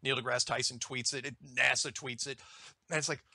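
A man's voice: medium pitch, steady tone, fairly quick, pushed and bright, no echo, studio quality. A man ranting in a casual spoken monologue, emphatic and indignant, often restarting his sentences as he argues through an everyday analogy.

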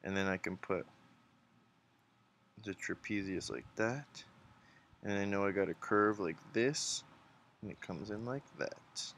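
A man's voice: lowish voice, unhurried, pauses often, fairly bright tone, a little hiss or hum. A man hosting a casual drawing tutorial, chatty and encouraging, thinking aloud as he sketches. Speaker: art tutorial host.

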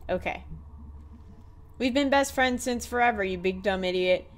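Excitable young male fox, loyal best friend, read by a woman, earnest, pressing. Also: medium pitch, normal speed, lightly acted. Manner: earnest, insistent pep talk.

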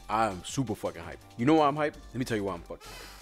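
A young man excitedly reacting to gaming news in a profane, hyped rant from home at night. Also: on the low side, racing, soft background music. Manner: hyped, profane, shouting and laughing. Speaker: gaming vlogger.

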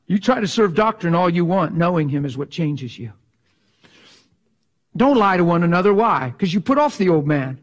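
A male preacher delivering a sermon in a somewhat high voice. He is emphatic, stretches his rhetorical questions out slowly, and keeps asking the listeners whether they follow. At other times he drops to a hushed, prayerful tone. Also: expressive. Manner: asks the crowd for assent.

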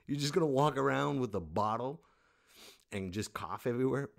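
A man's voice: medium pitch, very animated, normal speed, gravelly. A man hosting a comedy podcast, delivering a sarcastic, exasperated rant and laughing at his own jokes. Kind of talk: stand-up style comic rant.

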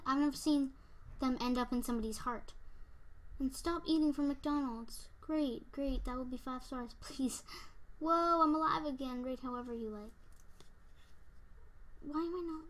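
A young woman commenting on her own game play, excitable, yelping and squealing at times, then dropping to whispers. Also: sits high, moderate pace. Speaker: gamer.

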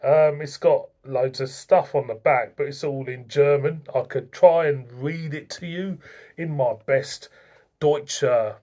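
Bloke chatting through a beer review, unhurried, laughs at himself. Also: male voice, mid-range voice, steady tone, dark tone. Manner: chatty, laughs at himself, stumbles over names. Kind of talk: casual beer review vlog.

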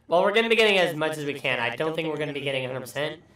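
A man's voice: on the high side, expressive, fast talker, a bit bright, far from the mic. A man hosting a let's play, joking and swearing through casual gameplay commentary. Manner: profane, rambling, joking. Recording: echoey room, voice off mic, faint music.

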